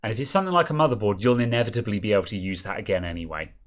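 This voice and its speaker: Laid-back low-voiced man chatting about tech. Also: very animated, racing. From United Kingdom. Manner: rambling, filler-heavy, laid-back. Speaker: co-host of a tech repair stream. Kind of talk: casual chat.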